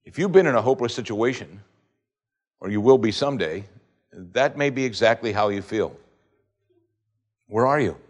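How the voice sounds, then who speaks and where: A man preaching a sermon, reading scripture and shifting between loud pleading questions and low, hushed lines. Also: lively intonation, a little fast.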